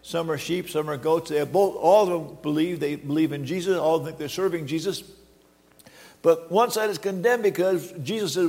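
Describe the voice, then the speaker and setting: An older man preaching a sermon, halting and repeating words, then quoting scripture with drama. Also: on the high side, gravelly, darkish tone. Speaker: pastor. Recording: long reverb of a hall.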